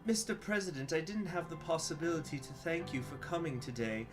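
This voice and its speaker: Brief: man doing a prim young woman, high and careful, guitar music underneath. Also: animated, brisk, close to an everyday voice. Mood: polite. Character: young woman, a dead man's daughter, polite and formal. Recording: guitar music playing behind.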